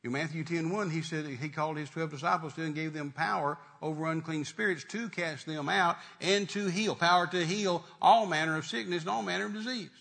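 A man's voice: on the high side, brisk, gravelly, hardly any pauses, a bit bright. A man preaching a sermon, repeating phrases and building to emphatic declarations.

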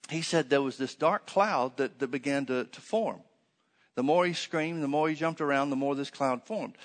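A man's voice: a little high, fairly bright tone, big-room sound. A man preaching a conversational sermon, telling a story with many fillers and restarts.

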